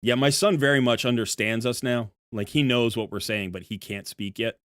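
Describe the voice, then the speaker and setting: A man's voice: medium pitch, steady tone, normal speed, fairly bright tone, no room sound, studio quality. A man streaming live, chatting casually with his viewers in a rambling way, with many restarts and fillers. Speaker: streamer talking to chat.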